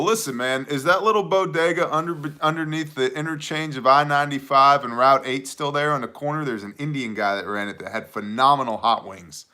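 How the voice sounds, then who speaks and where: Bright-voiced man hosting a live chat. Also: medium pitch, a little fast, few pauses. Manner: joking, conversational, reads chat aloud. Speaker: livestream host answering chat.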